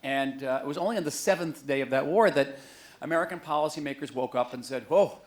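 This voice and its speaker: A man's voice: mid-range voice, quick pace. A middle-aged man giving a book talk to an audience in a museum auditorium, conversational and joking. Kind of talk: public lecture to an audience.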